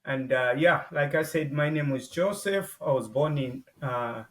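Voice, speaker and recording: A man from Zambia, a former soccer player and podcast guest, speaking politely and haltingly with many fillers. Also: medium pitch, a bit bright, recorded from a distance. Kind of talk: casual interview chat.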